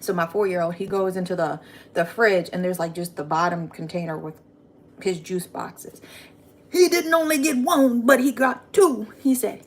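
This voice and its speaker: A mom who vlogs chats casually from her kitchen in a home video, sounding playful and slangy. Her mid-range voice is animated and moves at a normal speed.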